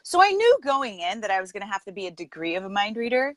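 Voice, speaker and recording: A woman's voice: mid-range voice, fast, no room sound, poor audio. A middle-aged woman hosting a casual interview, talking earnestly and quoting herself as she explains her points. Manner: earnest, uses lively metaphors, quotes herself. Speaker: podcast host.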